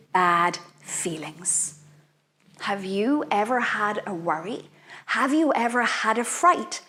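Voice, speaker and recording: A woman leading a playful children's activity, guiding young listeners through chants and spells in an animated, sing-song way. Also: mid-range voice. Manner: animated, sing-song, exaggerated sounds for kids. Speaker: children's workshop leader.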